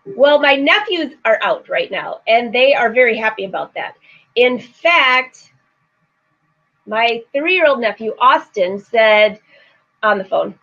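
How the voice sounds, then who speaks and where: Taking things slowly, a middle-aged woman with a slightly high, animated and fairly bright voice chats with viewers of her live sewing show. She laughs often and reads out their comments, all over somewhat dull, lo-fi stream audio.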